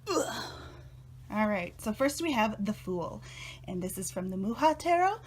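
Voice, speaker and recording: A young woman chatting casually as a tarot vlogger, a little out of breath, bubbly and excitable and laughing often. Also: mid-range voice, a little slow, a little hiss or hum. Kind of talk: casual chat.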